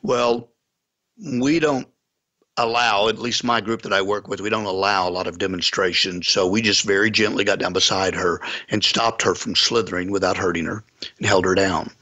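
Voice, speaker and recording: A man's voice: fairly low pitch, steady tone, normal speed, bright, forceful tone, muffled recording. A man, a pastor, earnestly telling a story in a conversation, with folksy sayings. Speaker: pastor and guest.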